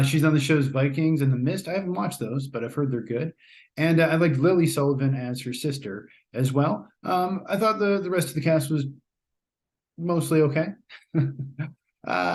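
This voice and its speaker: Rambling American man reviewing a film. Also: on the high side. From United States. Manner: relaxed and rambling, many fillers and restarts. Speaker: podcast host reviewing a film. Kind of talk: casual spoken review.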